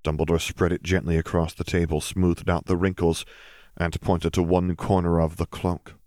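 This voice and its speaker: A man narrating a fantasy story in a steady, even reading. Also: low voice, moderate pace, no room sound, clean studio sound. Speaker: audiobook narrator. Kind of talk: fan fiction audiobook reading.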